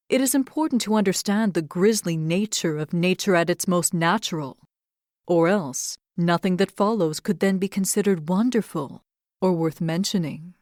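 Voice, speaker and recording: A young adult woman hosting a podcast, reading fairy tales aloud and reflecting on faith in an earnest, expressive way. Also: lowish voice, dry recording, clean studio sound. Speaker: podcast host and storyteller. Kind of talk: storybook narration and devotional reflection.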